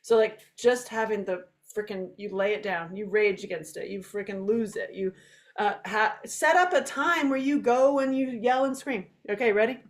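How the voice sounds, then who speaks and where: A woman giving live commentary on her own documentary, chatty and animated, rushing from one thought to the next. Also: medium pitch. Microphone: home video stream microphone.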